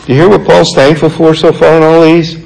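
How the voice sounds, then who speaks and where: A man preaching a sermon, reading scripture passages aloud and explaining them in an earnest, conversational way, slowing down to stress key points. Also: on the high side, level tone, vocal fry, a little mellow, low-quality recording. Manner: earnest, conversational, slows for emphasis.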